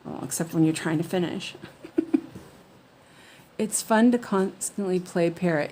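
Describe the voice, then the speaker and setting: A woman's voice: fairly low pitch, measured pace, dark tone, slight background noise. A woman hosting a cross-stitch livestream, chatting casually and rambling with many fillers and restarts. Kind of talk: casual chat while stitching.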